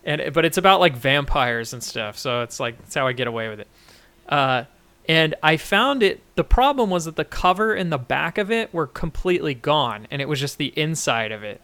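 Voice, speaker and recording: Guy on a podcast, bright clear voice, rambly casual chat. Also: a little high, expressive, moderate pace. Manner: rambling, many restarts and fillers. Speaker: podcast co-host.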